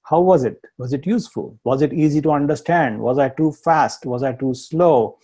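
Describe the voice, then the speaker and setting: A man's voice: on the high side, moderate pace, warm tone. A man with an Indian accent teaching a live online tech lesson, explaining step by step, repeating points and laughing at himself. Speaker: instructor.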